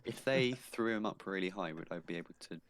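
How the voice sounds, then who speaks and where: A man's voice: deep voice, fast talker, crowd noise. A man playing in a tabletop game, eager and stumbling over his questions. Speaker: player. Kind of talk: casual tabletop play.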